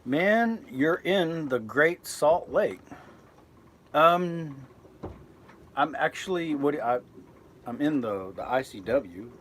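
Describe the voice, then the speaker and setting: A man's voice: on the high side, lively intonation, slow pace, long pauses, a bit bright, a little hiss or hum. A man reading out viewers' comments and chatting loosely on a live stream from inside his boat, rambling and correcting himself as he goes. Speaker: vlogger reading live chat. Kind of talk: casual live-stream chat.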